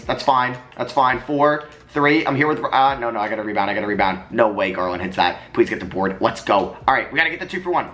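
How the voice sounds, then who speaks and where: A young man giving live commentary while playing a basketball video game, swinging from muttering to excited yelling. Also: medium pitch. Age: young adult. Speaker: gaming commentator.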